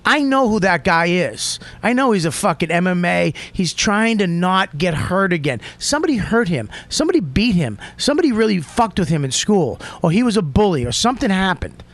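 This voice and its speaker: Animated, high-voiced profane male host. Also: brisk, few pauses, no echo. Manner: profane, emphatic, swings into shouting. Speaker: podcast host. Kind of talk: heated comedic storytelling.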